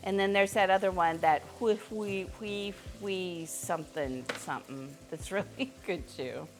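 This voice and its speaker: A middle-aged woman from Missouri chats through a home cooking stream and rambles between tasks, with fillers. Her voice sits fairly low for a woman. Faint music plays under her talk. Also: a little slow. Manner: chatty and rambling, with many fillers. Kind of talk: casual cooking chat. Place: home kitchen.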